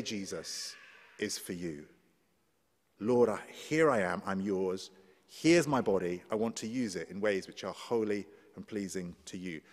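A man with an English accent preaching a sermon in a conversational way, often asking his congregation questions. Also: mid-range voice. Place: church. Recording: long church reverb.

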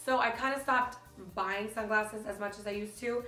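A young woman chatting casually to the camera as a beauty vlogger, animated and full of fillers like "like", filmed in a hotel room. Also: medium pitch, normal speed. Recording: echoey room with faint music.

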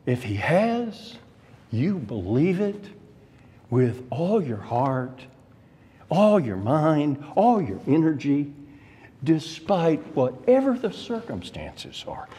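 A man's voice: a little high, very animated, slow pace, warm tone, breathy edge. A man teaching an adult Sunday school class in a church. He stresses key words and puts questions straight to the class. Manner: emphatic, rises sharply on key words; addresses the class directly with questions. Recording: long reverb of a church hall.

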